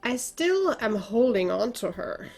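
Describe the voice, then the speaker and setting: A woman playing a tabletop game, calmly describing what her character does. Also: on the high side, faint music behind. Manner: slow, thoughtful, describing her character's actions. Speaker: player. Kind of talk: casual tabletop game play.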